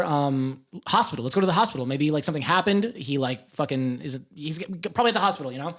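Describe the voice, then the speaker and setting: A man's voice: a little high, lively intonation, fast, few pauses, fairly bright tone. Rambling young man telling a story. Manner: rambling, filler-heavy, swears. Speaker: podcast guest. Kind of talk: casual storytelling.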